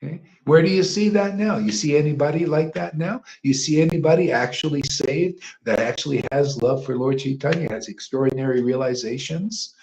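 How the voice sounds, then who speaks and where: A man giving an informal devotional sermon, rambling and emphatic, dropping to hushed asides and rising to loud outbursts, with slangy "man" and "you know" throughout. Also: on the high side, fairly quick, few pauses, rough recording. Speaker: devotional teacher leading a chanting gathering.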